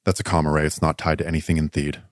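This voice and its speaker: A man's voice: extremely low pitch, little pitch movement, very fast, dry recording, studio quality. A man voicing a commanding female rebel pilot who gives curt orders. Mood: brisk. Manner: curt orders, yelled over machinery.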